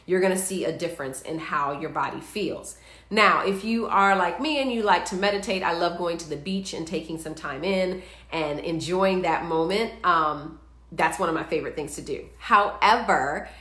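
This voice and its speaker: A woman's voice: lowish voice, normal speed, a bit bright, echoey room. A woman hosting a live wellness show, chatting upbeat and walking viewers through breathing exercises. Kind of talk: live-streamed instructional talk.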